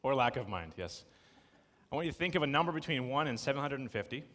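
Joking preacher in a reverberant church. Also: male voice, medium pitch, fast. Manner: conversational, jokey, animated storytelling. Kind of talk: casual sermon to a congregation. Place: church sanctuary. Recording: long reverb of a church hall.

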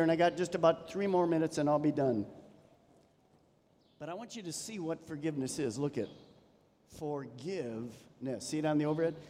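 Male pastor, mid-high voice, preaching with animated swells and quiet drops; reverberant sanctuary sound. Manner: animated preaching, dropping to soft emphasis. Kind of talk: sermon. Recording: long reverb of a church hall.

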